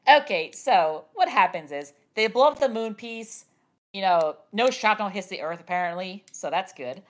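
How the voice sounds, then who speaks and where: Woman, podcast co-host, animated, laughing a lot, exasperated plot recap, casual chat. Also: medium pitch, moderate pace. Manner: animated, laughs often, uses many fillers like "like". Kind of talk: casual anime discussion podcast.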